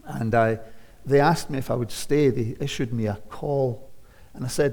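A man's voice: mid-range voice, steady tone, normal speed, creaky. Scottish man in his seventies preaching. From Scotland. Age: 70s. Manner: conversational, swinging from quiet asides to loud emphatic declarations. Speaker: visiting preacher. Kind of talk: sermon. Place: church sanctuary. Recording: long church reverb.

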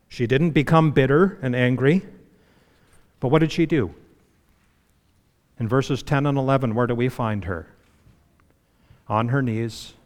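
A man preaching a sermon in a relaxed, conversational way, full of "you know"s and dropping to a hushed voice to stress a point. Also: medium pitch, long reverb tail. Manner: conversational preaching with frequent you-knows, dropping to a hush for emphasis. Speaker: pastor.

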